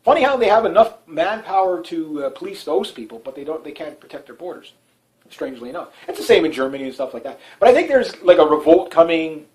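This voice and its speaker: A man's voice: fairly high pitch, expressive, fast talker, darkish tone, rough recording. A man from Canada hosting a talk show, delivering a casual political commentary monologue that rambles, with many fillers and restarts and frequent chuckles.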